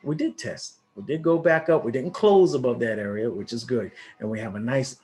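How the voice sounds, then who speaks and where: This man. He talks through a live trade in a loose, excitable way and keeps restarting his sentences. He sounds like a casual trading teacher talking straight to his viewers. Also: medium pitch, moderate pace. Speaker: forex trading educator.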